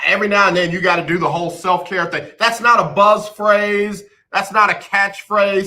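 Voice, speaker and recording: Radio host, male, high-pitched, casual chatty delivery with lots of restarts. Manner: chatty, repeats words, animated storytelling. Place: radio studio.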